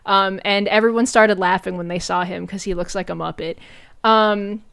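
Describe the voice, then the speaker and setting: A woman's voice: mid-range voice, steady tone, moderate pace, gravelly, fairly bright tone, smooth. A woman streamer giving casual, sarcastic commentary on a movie, talking loosely with lots of filler words. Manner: chatty and sarcastic, many fillers and "like"s.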